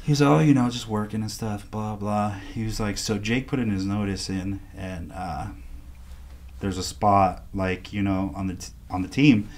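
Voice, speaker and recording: An artist guesting on a podcast speaks at a fairly low pitch and moderate pace. His storytelling is casual and lively, with the other people's lines acted out in quoted dialogue.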